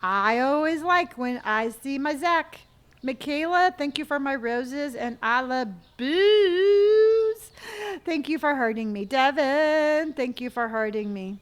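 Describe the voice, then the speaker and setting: A woman streamer with a bright, high voice chats slowly and unhurriedly through her live game stream. She is playful and sing-song, and she gushes thanks to each viewer by name. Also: animated. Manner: effusive, thanking viewers one by one. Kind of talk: casual live-stream chat while gaming.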